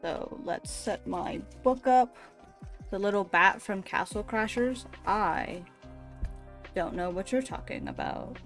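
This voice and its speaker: A young adult woman chatting casually to her stream while she crochets, excitable and quick to swear. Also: medium pitch, gravelly, faint music behind.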